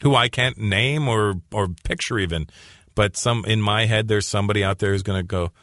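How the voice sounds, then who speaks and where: Guest comedian, 40s, from Canada, low voice, dry close sound, restless storyteller. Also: male voice, brisk, no room sound. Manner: animated storyteller, repeats phrases as he restarts. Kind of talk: conversational storytelling interview.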